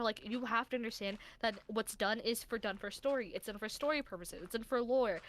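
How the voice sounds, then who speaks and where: A woman's voice: on the high side, a bit bright. Chatty young woman, rambling and earnest. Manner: rambling, filler-heavy, earnest defending characters. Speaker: streamer and roleplay series member. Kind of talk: casual chat about a roleplay series.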